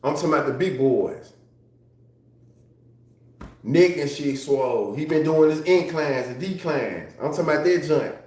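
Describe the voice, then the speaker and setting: A man's voice: on the high side, animated, moderate pace, long pauses, a little mellow. Man livestreaming in an echoey room. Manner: loose, profane, laughing often. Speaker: livestreamer reading chat. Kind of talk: casual livestream chat.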